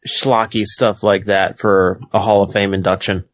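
A man co-hosting a casual wrestling podcast, measured and a little hesitant. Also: on the low side, level tone, no echo. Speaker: podcast co-host. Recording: dull dry lo-fi sound.

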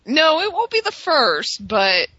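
A woman co-hosting an online talk show with wry, quick comebacks. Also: high-pitched, very animated, sharp tone, dry recording. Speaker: radio show co-host. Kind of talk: casual talk radio banter. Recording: dull lo-fi online call audio.

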